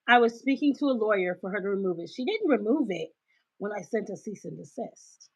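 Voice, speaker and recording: Loud, emphatic woman on a phone mic. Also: medium pitch, sing-song, a little fast, husky. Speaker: livestream host. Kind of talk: casual livestream chat. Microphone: cell phone. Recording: dull cell-phone recording.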